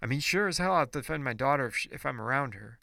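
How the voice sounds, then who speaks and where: A man's voice: medium pitch, expressive, fast, vocal fry, pushed and bright, no echo, clean studio sound. A man ranting in a casual monologue podcast, blunt and profane, preachy and rambling with restarts.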